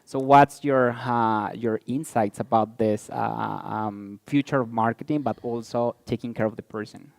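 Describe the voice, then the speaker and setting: A man's voice: mid-range voice, fairly even intonation, measured pace, creaky, hardly any pauses, a little mellow, no echo. Hesitant male panel moderator. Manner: hesitant, many fillers. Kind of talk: hosting a panel. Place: event stage.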